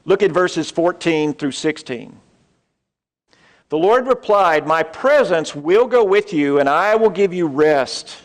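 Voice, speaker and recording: A man's voice: on the high side, lively intonation, long reverb tail. A middle-aged man, preaching a sermon in a church auditorium and telling a story with asides to the congregation. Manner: storytelling with pauses and asides to the audience. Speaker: pastor.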